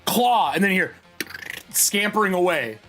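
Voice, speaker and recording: A man's voice: high-pitched, big pitch swings, normal speed, a bit bright, soft background music. A man narrating as game master of a tabletop role-playing game, casual and laughing often.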